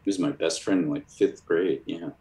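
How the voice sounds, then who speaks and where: A man's voice: sits low, moderate pace. A man from Chicago, a cartoonist guest, telling casual rambling stories full of fillers and restarts. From Chicago, USA. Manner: rambling, many fillers and restarts, lively quoted voices. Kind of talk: casual storytelling. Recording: roomy echo.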